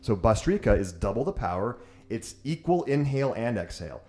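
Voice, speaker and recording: A man's voice: mid-range voice, very animated, a little fast, dark tone. A man teaching yoga, guiding a breathwork class in an easygoing, joking and encouraging way.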